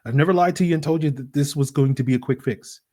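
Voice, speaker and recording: A man hosting a solo sports podcast, talking in an animated, rambling way with lots of fillers and rhetorical "right?" questions. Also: a little high, quick pace. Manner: acts out voices in quoted asides. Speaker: podcast host.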